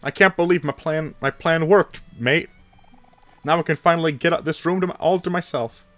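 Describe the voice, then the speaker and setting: A man voicing an excitable, cocky adult male schemer in a put-on Australian accent, loud and high. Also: moderate pace, no room sound, faint music behind, close to an everyday voice. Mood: gleeful.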